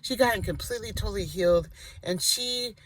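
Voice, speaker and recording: A woman's voice: medium pitch, fairly quick, no echo, low-quality recording. A middle-aged woman minister giving a personal testimony, telling her story conversationally with emphatic repetition.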